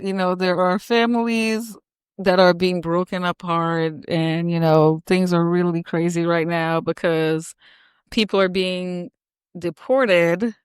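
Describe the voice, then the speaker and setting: Lowish smooth-voiced woman hosting. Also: dry recording, studio quality. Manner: bossy, teasing, chatty with fillers. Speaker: podcast host. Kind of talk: casual podcast banter.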